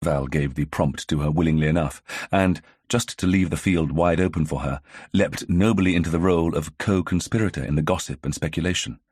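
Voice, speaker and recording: A man narrating an audiobook in a measured, even storytelling manner. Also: very deep voice, husky, no echo, clean studio sound. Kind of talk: scripted narration.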